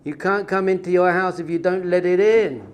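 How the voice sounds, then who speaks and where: A man's voice: fairly even intonation, normal speed, lightly acted. A man voicing a stern, blunt old Hasidic master who speaks curtly. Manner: low, curt, dismissive.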